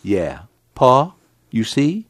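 A man playing a beaten-up young farmhand in a story reading, drawling in rough rural dialect, a bit higher than the reader's own low voice and very lively in pitch. it's a dry, close recording. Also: very slow, no room sound, exaggerated voice. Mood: anguished. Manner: drawling rural dialect, raises to strained grief. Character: young man, battered, weary and shaken.

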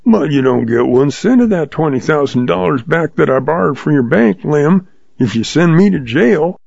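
A sly old outlaw drawls with patient, folksy calm, as a man puts him on. The voice sits higher than the narrator's and keeps a gravelly, husky edge. The sound is dull and lo-fi, in a storybook reading. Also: normal speed, dry recording, heavily acted.

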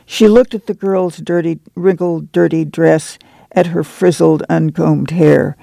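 Gravelly man narrating an audiobook. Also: a little high, steady tone, measured pace, mellow, no echo. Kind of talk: scripted narration.

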